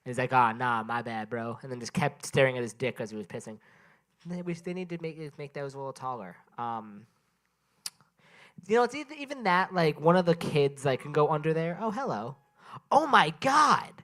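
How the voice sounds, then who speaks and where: A man's voice: on the high side, sing-song, fairly quick. A man doing a stand-up set at an open mic in a small venue, sleep-deprived and rambling, breaking off to chat with the crowd. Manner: rambling, self-interrupting, chatting with the crowd.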